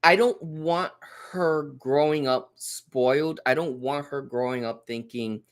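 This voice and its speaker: A man in his thirties appears as a podcast guest, chatting casually and telling an animated story in which he acts out the quoted lines. His medium-pitched voice is unhurried, clear, and resonant.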